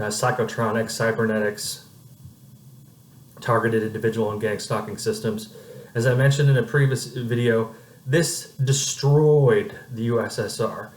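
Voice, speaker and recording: A man's voice: fairly low pitch, roomy sound, poor audio. A man in his forties from Oregon, speaking in a casual vlog monologue, rambling with frequent hesitant fillers. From Oregon, United States. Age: 40s. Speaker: vlogger.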